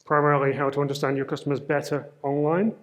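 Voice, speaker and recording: A man's voice: fairly high pitch, flat delivery, fast. A man with a Manchester accent giving a casual conference presentation on stage, with frequent ums and a self-deprecating humor. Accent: Mancunian English. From Manchester, northern England. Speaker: conference speaker.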